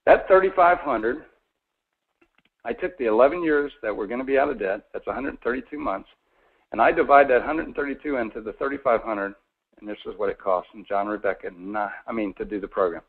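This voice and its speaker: A man's voice: medium pitch, a little fast. A man in his forties giving a folksy, persuasive mortgage sales talk on a conference call, often asking his listeners questions. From Florida. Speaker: mortgage presenter. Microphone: phone or conference call line. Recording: tinny phone-line audio.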